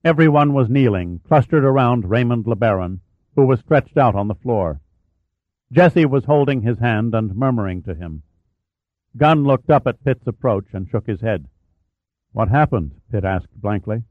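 A man narrates an audiobook in a steady, measured way, his voice sitting at an ordinary middle pitch. He drops to a quieter tone for the characters' lines. The recording is close and dry, with a slightly dull top end. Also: no room sound. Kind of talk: scripted narration.

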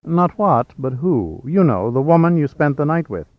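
A man voicing a playful adult woman who teases in a bright manner. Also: fairly high pitch, big pitch swings, moderate pace, dry recording, pitched above the performer's own voice. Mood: teasing. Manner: teasing, bright. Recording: slightly dull, dry.

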